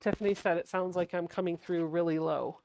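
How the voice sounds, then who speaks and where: Female livestream host, soft-spoken and unprojected, low gravelly tone, chats and thinks aloud while sewing. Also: steady tone, brisk. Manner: soft-spoken, not projecting.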